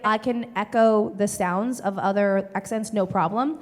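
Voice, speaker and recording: A Canadian woman comedian answering audience questions in a cartoonish transatlantic accent, breathy and low in the mouth, from the chest, explaining with lots of filler words. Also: measured pace. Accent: cartoonish transatlantic stage accent. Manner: animated explaining, many filler "like"s. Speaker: comedian in character. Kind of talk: stage Q&A with audience. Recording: reverberant theater hall.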